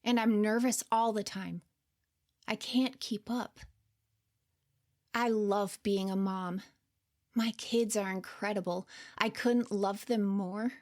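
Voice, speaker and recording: A woman narrating her own story in the first person, quiet, unsure and earnest. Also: mid-range voice, steady tone, takes it slowly, pauses often. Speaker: podcast storyteller.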